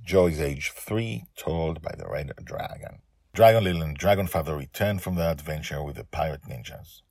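A man narrating a serialized children's story and chatting as host. His voice sits low with a husky texture, yet he swings it all over the place as he tells the tale. The recording is dry and close. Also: no room sound. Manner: animated, expressive storytelling.

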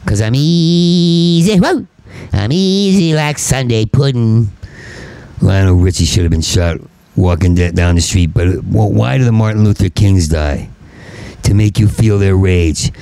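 A man in stand-up mode who stutters constantly and veers between bitterness and mockery. His voice is low, dark and gravelly, recorded close and dry with no room sound. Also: moderate pace, dry recording, low-quality recording. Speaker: stand-up comedian. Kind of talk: stand-up monologue.

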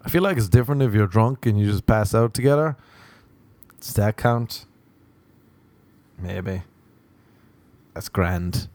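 A man's voice: lowish voice, lively intonation, unhurried, pauses often, darkish tone, dry recording. A man hosting a solo comedy podcast, rambling through crude, self-mocking observations. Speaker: podcast host.

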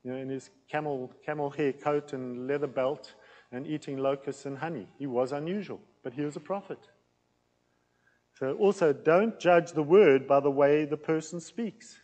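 A man preaching a teaching sermon in a plain, loud, conversational way, with an accent that he says can sound aggressive. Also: on the high side, moderate pace, long reverb tail, poor audio. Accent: non-local accent in England. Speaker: pastor teaching a series.

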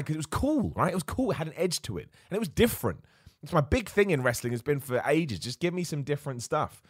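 A man's voice: medium pitch, dry recording. Man, show host, casual wrestling commentary, enthusiastic, rambling, restarts, dry recording.

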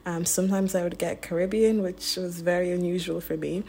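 A relaxed young woman with a low-pitched voice speaks briskly in an Irish accent with some British mixed in. Born in Nigeria and raised in Ireland, she chats reflectively on a casual podcast, with frequent ums and restarts.

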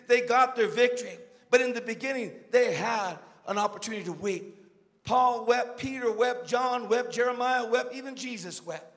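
High-voiced emphatic preacher in a hall. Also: male voice, fairly bright tone. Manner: emphatic preaching, calls to the congregation. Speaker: guest preacher. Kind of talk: sermon.

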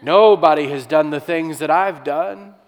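A man's voice: fairly high pitch, unhurried, long reverb tail. A man voicing a lonely, self-pitying male prophet who complains in a pleading, insistent voice. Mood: whining. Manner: whiny, pleading, raised and insistent.

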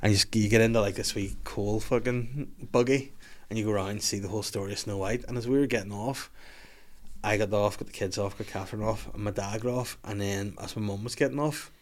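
A man's voice: on the low side, fairly even intonation, quick pace. A man telling a story on a podcast. He laughs through it, swears freely and acts out other people's voices when he quotes them. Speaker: comedian guest. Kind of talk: casual storytelling chat. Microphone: podcast microphone.

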